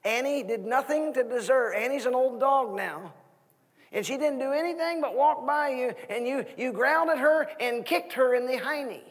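Husky high-voiced preacher in a church. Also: male voice, normal speed, in a large hall. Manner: animated preaching with questions to the congregation. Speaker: guest minister. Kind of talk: sermon. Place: church sanctuary.

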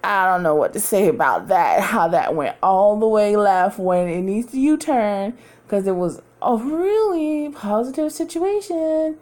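At home, a female podcast host chats candidly and laughs a lot, her mid-range voice expressive and unhurried with a slightly dark tone.

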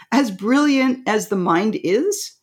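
A woman co-hosting a spiritual podcast, excitable and animated, who acts out little voices and laughs often. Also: a little high, slow. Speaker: podcast co-host.

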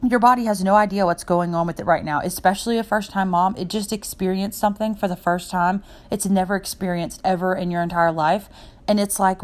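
A woman's voice: mid-range voice, fairly even intonation, fairly quick. A young adult woman hosting a podcast, talking without a script in a heartfelt, rambling way and jumping from point to point. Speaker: podcast host. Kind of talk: unscripted personal podcast monologue.

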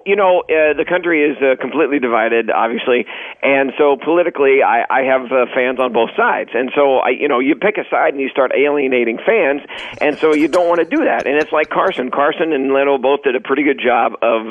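A man's voice: medium pitch, no room sound, low-quality recording. A man, a guest ventriloquist, telling stories in a casual radio interview and laughing often. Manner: animated storyteller, laughs often. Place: radio studio.

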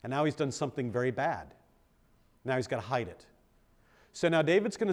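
Lively pastor teaching a Bible class. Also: male voice, on the high side. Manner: conversational, checks in with questions to the group; self-deprecating humor.

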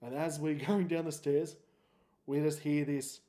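Laid-back Aussie bloke with a mellow voice. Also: male voice, a little high, flat delivery, unhurried. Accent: Australian. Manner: laid-back, joking, rambling with restarts. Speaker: podcast host. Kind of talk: solo storytelling podcast.

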